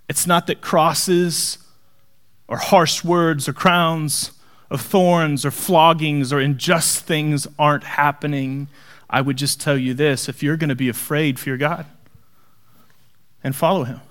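A man's voice: a little high, fairly bright tone. A male pastor preaching a dramatic sermon, dropping to near-whispers for emphasis and adding playful asides.

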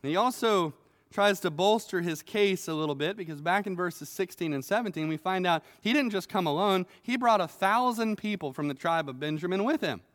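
A male pastor preaching a sermon with earnest, animated storytelling and occasional stammered restarts. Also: high voice, brisk. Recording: long hall reverb.

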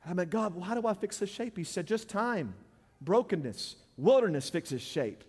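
A preacher in a church, his voice sitting very high as he swings from shouted exhortation down to near-hushed pleading. The sound rings with a long reverb from the hall around him. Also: expressive, normal speed, slightly rough. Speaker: pastor. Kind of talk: sermon.

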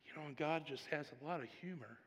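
A man preaching a sermon and telling a personal story, swinging between hushed, quiet passages and loud, animated ones. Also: a little high, fast talker, slightly rough, in a large hall. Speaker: pastor.

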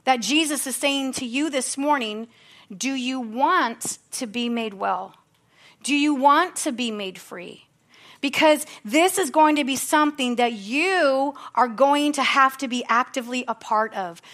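High-voiced woman preaching fervently. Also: unhurried, a bit bright. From United States. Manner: fervent, exhorting, repetitive calls to action; conversational asides, laughs at herself. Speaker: pastor. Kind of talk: sermon.

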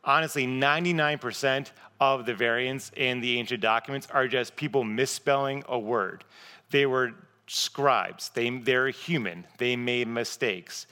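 Bright-voiced man preaching in a hall. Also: mid-range voice. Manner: casual, conversational, self-deprecating. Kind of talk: sermon. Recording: long reverb of a large hall.

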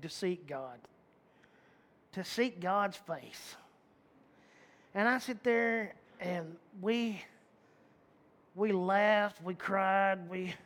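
A man preaches a casual, folksy sermon in a high-pitched voice. He talks emphatically, repeats key phrases for effect and often restarts his sentences. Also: fairly bright tone. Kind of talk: conversational sermon.

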